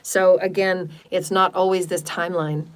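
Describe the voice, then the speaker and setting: A woman's voice: fairly low pitch, level tone, moderate pace. A woman spiritual healer on a livestream, leading a guided healing meditation and chatting afterwards, often repeating words and phrases in runs. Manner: speaks in chanted syllables. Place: home livestream.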